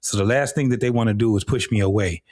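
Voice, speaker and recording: A man's voice: on the low side, fast talker, darkish tone, dry recording, studio quality. A middle-aged man hosting a live talk show, speaking bluntly and casually with frequent profanity. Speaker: host.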